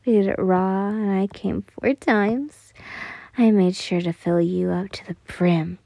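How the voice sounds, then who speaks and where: A woman's voice: medium pitch, fairly even intonation, unhurried, creaky, warm tone, dry recording. Zenitsu, a woman voicing an obsessive young man. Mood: whispering, clingy. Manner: unhinged laughter and clingy whispering. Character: obsessive, possessive young man, manic then tender. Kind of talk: fan fiction voice acting.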